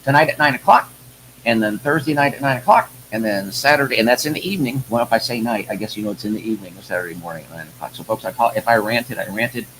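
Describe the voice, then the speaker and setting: A man hosting a live-stream political commentary show, folksy and rambling, calling his viewers "folks". His voice sits at an ordinary middle pitch. A faint hiss of noise runs under his talk. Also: animated, fast, fairly bright tone, low-quality recording. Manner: rambling, breaks into heated rants, then apologizes. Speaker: host of a live online show.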